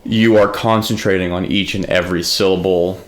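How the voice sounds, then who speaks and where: A man's voice: low-pitched, steady tone, normal speed. A man co-hosting a podcast from the United States, telling stories in a rambling, filler-heavy casual chat. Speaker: podcast co-host.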